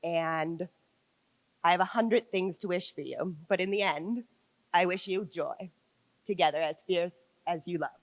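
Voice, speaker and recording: A woman at a wedding reception giving a heartfelt toast to her friend, laughing softly between lines. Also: lowish voice, unhurried, no room sound, poor audio.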